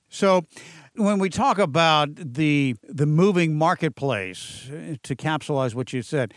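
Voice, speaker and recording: A man's voice: fairly high pitch, measured pace, no room sound, clean studio sound. A man hosting a business interview show, folksy and enthusiastic. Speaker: podcast host.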